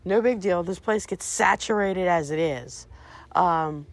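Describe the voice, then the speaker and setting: A woman showing her new rabbits outdoors beside the hutches on her farm, chatting casually to the camera and cooing softly at the animals. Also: fairly low pitch, a little slow, no echo. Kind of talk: casual vlog walk-through.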